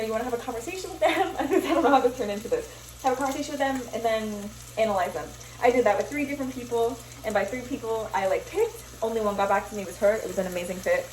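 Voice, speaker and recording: Young woman, casual rambling vlog chat while cooking, slightly high voice, sizzle faint behind, roomy and distant. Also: a little mellow, a little hiss or hum. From Miami. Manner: rambling, self-interrupting, swears freely, laughs often. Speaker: vlogger. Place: kitchen, cooking bacon. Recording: echoey kitchen, sizzling pan, distant camera.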